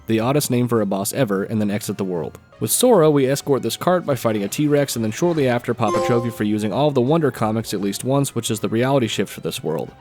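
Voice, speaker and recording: A man's voice: mid-range voice, a little mellow. A man narrating gameplay as a trophy hunter, with dry, joking asides.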